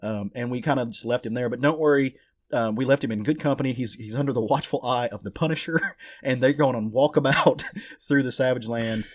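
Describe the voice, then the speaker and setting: Recorded at studio quality without echo, a man speaks a little fast in a mid-range voice. Co-hosting a casual comic book podcast, he animatedly retells a comic story, acting out lines and swearing.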